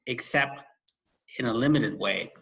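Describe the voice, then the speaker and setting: A man co-hosting a podcast, telling a school story in a casual chat, with quick asides and laughing at himself. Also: medium pitch, vocal fry, a bit bright. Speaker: podcast co-host and former school administrator.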